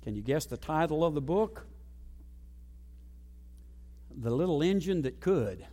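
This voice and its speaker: A male pastor delivering a sermon, with dynamic preaching that swings between loud emphasis and soft low asides. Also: animated, brisk. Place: church sanctuary. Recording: long reverb of a large hall.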